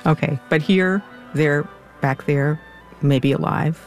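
A man's voice: a little high, fairly even intonation, slow pace, faint music behind. A man hosting an interview, guiding the talk with clarifying questions for listeners. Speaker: interview host. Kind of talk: conversational interview.

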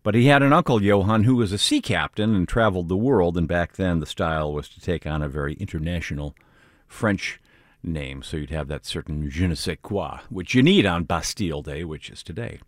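Deep-voiced wry radio host. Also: male voice, fairly quick, dry recording, clean studio sound. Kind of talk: radio music introduction.

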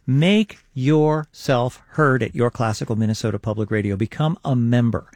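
A man's voice: lively intonation, normal speed, no room sound. Earnest male radio co-host, dry studio. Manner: earnest, persuasive pitch with repeated phrases. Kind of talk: on-air fundraising appeal. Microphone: studio microphone.

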